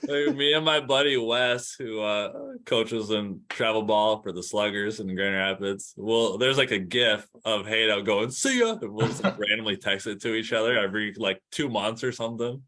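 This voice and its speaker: A man with a fairly low, bright and forward voice chats easily on a podcast. He rambles through stories with lots of "um" and "like", in an easygoing way. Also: moderate pace, few pauses. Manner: relaxed storyteller with fillers. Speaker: podcast host. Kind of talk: casual chat.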